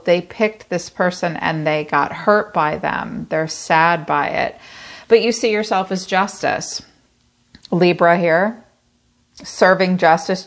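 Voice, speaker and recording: A woman reads tarot cards aloud to her viewers, talking in a chatty, blunt way. She swears now and then without fuss. Her voice sits a little low. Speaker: tarot reader. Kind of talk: solo tarot reading to camera.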